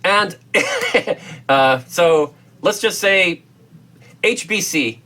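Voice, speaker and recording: A man's voice: high voice, animated, very slow, very noisy. A man with an American accent reviewing a film as co-host, enthusiastic and rambling with lots of fillers and restarts. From United States. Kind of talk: casual film review chat.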